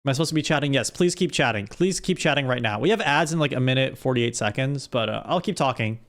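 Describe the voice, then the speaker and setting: A man's voice: medium pitch, animated, quick pace, a bit bright. A man streaming live, chatting casually with his audience and often restarting his sentences. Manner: rambling, with frequent restarts.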